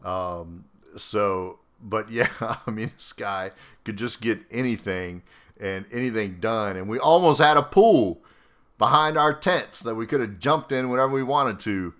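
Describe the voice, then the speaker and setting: A middle-aged man, an army veteran hosting his own podcast, telling a story in a casual, animated way and laughing often. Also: fairly low pitch, a little slow. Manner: animated, acts out quoted voices, laughs often.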